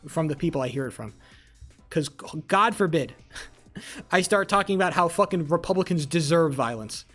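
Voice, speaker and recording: A live streamer in a casual political rant, heated and profane, repeating phrases for emphasis and answering chat. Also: mid-range voice. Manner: talks back to chat messages.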